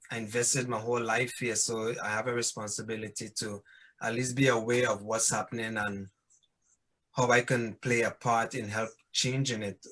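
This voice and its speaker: A man's voice: medium pitch, bright, forceful tone. A man, a songwriter answering interview questions in a reflective way, searching for words. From Caribbean. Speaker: musician and songwriter.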